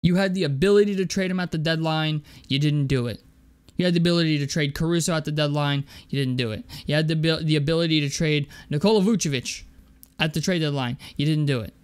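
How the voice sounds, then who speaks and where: A man's voice: a little high, fast, clear, resonant tone. A young man delivering an angry, profane basketball rant, stumbling over and repeating his words as he vents. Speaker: sports commentator.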